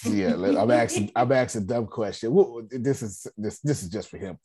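Husky low-voiced man teaching on a call. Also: normal speed. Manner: animated, teasing, repeats for emphasis. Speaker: finance class leader. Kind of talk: casual online group lesson. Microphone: video call.

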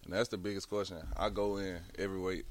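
A man's voice: sits low, little pitch movement, quick pace. A college football player, a man, earnestly describing his work ethic in a radio interview.

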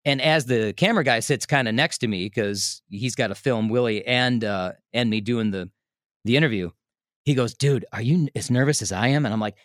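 A man telling a story in a casual, animated way, laughing often and restarting his sentences. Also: mid-range voice, brisk, no room sound, clean studio sound. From Milwaukee area, United States. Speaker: radio host telling a story as a podcast guest.

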